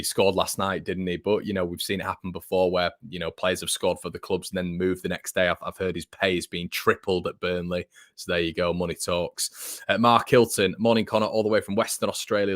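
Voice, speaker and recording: A man's voice: deep voice, a bit bright, dry recording, studio quality. A young man hosting a casual live stream, reading out comments and chatting with fillers and restarts. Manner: chatty, frequent restarts and fillers, says mate a lot. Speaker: fan channel host reading live chat.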